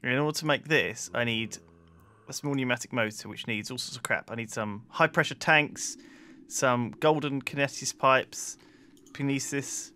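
A man's voice: mid-range voice, moderate pace, sharp tone. A man hosting a casual let's play, chatty and teasing as he talks through crafting steps. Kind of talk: casual gameplay commentary.

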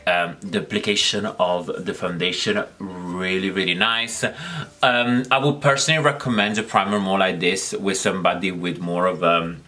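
Hosting his own makeup channel, a man chats casually to the camera, giggly and rambling with lots of fillers. His voice is fairly low-pitched, bright and forceful.

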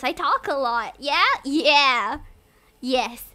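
A woman's voice: high voice, animated, normal speed, bright, forceful tone. A young woman from Singapore, streaming and chatting casually, giggly and rambling, often laughing. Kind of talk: casual livestream chat.

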